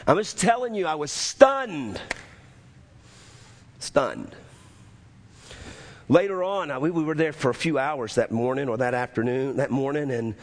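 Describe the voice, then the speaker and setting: A man's voice: mid-range voice, lively intonation, measured pace, pauses often. A man preaching a sermon, telling a story with impassioned, repetitive emphasis that builds and rises. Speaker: pastor.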